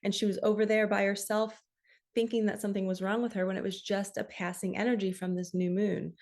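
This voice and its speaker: A middle-aged woman giving a heartfelt spiritual card reading, talking softly and directly to her viewers. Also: medium pitch, flat delivery, brisk. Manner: soft, heartfelt, tearful at times.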